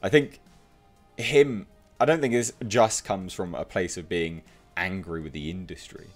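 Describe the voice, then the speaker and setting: A man's voice: low voice, a little slow, soft background music. A man giving opinionated commentary, reading out online comments and mocking them with emphatic scorn. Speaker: commentary youtuber.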